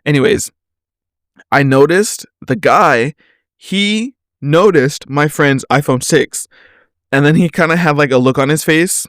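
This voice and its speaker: A man's voice: on the high side, a little slow, a bit bright, no echo, studio quality. A young man hosting a solo podcast, rambling casually through a story with lots of slang and "like" fillers, often laughing at himself. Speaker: podcast host.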